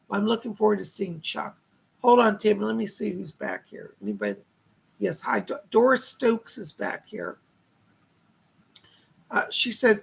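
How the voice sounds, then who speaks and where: A man's voice: sits high, creaky, a bit bright, breathy edge. A man hosting a live stream of psychic readings, chatty and upbeat, reading viewer comments aloud and thanking donors.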